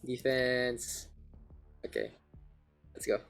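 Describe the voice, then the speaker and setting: A man's voice: mid-range voice, sing-song, takes it slowly, gravelly, soft background music. Laid-back swearing Filipino male caster. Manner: swears casually, switches between English and Filipino. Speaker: caster and stream host. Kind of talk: casual stream chat.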